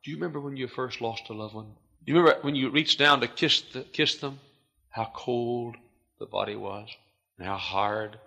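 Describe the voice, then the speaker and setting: A man preaching a sermon as pastor, swinging from hushed, quiet lines to loud, shouted climaxes. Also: medium pitch, moderate pace, vocal fry.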